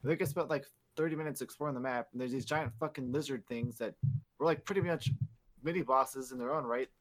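A man's voice: medium pitch, fast talker. A man hosting a podcast, recapping in a rambling, casual way, swearing often and leaning on filler words. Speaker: podcast host. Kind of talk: casual chat.

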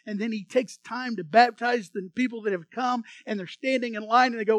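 A male pastor preaching an animated sermon, acting out voices from the story and leading the congregation in repeating phrases. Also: extremely high pitch, fairly quick, few pauses, no room sound.

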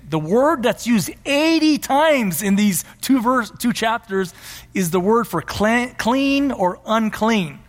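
A man's voice: sits high, long reverb tail. A man preaching a sermon as pastor, emphatic and repeating his key phrases.

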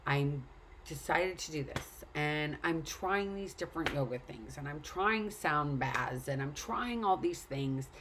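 A woman's voice: low voice, fairly bright tone, slight background noise. A woman telling a story and earnestly urging the listener to take care of themselves. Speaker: speaker. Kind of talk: casual motivational talk.

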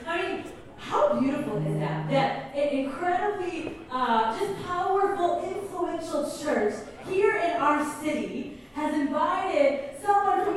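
A woman pastor giving a chatty, enthusiastic sermon with storytelling and prayer at a church service. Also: sits high. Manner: enthusiastic and chatty, many fillers. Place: church service in a comedy club venue. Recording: echoey hall from far off, faint noise.

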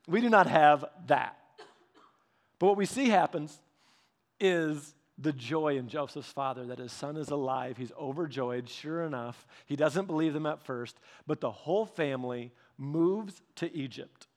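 With a high voice, a preaching pastor recounts scripture in an animated, conversational manner, performing the quotes and becoming quiet and slow whenever he reads verses aloud.

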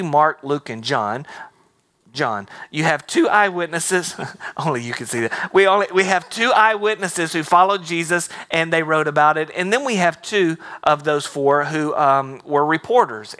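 A man's voice: a little high, pushed and bright. A man preaching a sermon as pastor, mixing humor and acted-out quotes into his teaching. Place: church auditorium.

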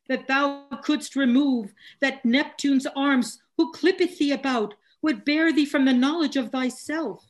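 A woman reading the part of a grieving noble English lord in a Shakespeare read-through, speaking the verse earnestly. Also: high voice.

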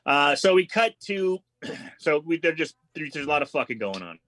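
A man's voice: a little high, no room sound, low-quality recording. A man casually recapping a horror movie on a podcast, swearing freely and acting out lines from the film. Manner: animated, acts out film lines in quick impressions.

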